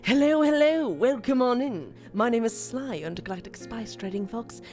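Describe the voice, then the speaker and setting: A woman voicing a sly intergalactic spice-trading fox who greets visitors in a smooth, coy, welcoming manner. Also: on the high side, expressive, normal speed, darkish tone, faint music behind, natural voice.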